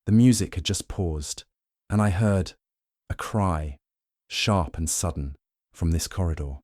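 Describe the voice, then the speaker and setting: A man voicing a shaken, wary young noblewoman who answers in a hesitant, halting way in an audiobook. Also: sits low, a little mellow, dry recording, clean studio sound. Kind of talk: audiobook narration.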